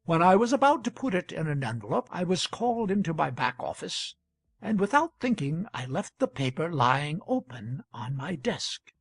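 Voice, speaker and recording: A man reading an audiobook, voicing a townsman who defends himself before a public hall in an earnest, measured, pleading way. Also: on the high side, very animated, husky, exaggerated voice.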